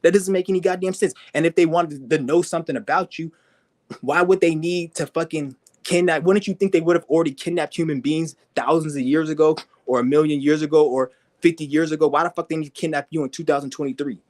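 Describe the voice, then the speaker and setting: A man's voice: fairly even intonation, quick pace. A man giving a profane, aggressive ranting monologue, mocking and swearing constantly. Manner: mimics people in high whiny voices. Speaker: vlogger.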